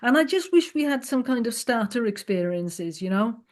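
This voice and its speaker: A woman's voice: on the high side, lively intonation, moderate pace, darkish tone. A woman hosting a podcast, earnest and thinking aloud in long, searching sentences. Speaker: podcast host. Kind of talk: conversational interview.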